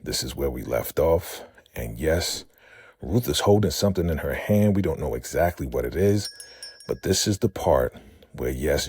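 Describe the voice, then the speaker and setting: A man's voice: deep voice, dark tone, breathy edge, no room sound, clean studio sound. A man hosting a casual vlog recap of a TV episode, chatty and calling his viewers fam.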